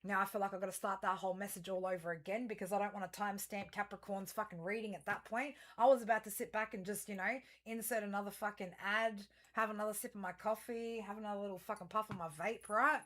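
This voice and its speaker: A woman's voice: mid-range voice, steady tone, quick pace, hardly any pauses, fairly bright tone. Rambling, foul-mouthed woman tarot reader. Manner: rambling, profane, talks straight to viewers; chatty, self-interrupting, frequent fillers. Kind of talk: casual solo reading for viewers.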